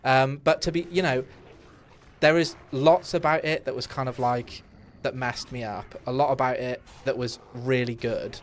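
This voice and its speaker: A young man plays a game on stream from home, chatting candidly and loosely with many fillers and restarts. His mid-range voice keeps a steady tone at normal speed, with a little hiss or hum in the background of this casual live-stream talk.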